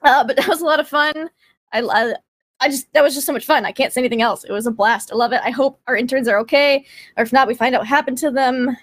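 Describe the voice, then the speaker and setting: A giggly, bubbly woman talks over a video call about her tabletop game. Her voice is very high. The sound is dry and close to the mic. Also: quick pace, no echo. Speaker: tabletop player. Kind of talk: casual chat.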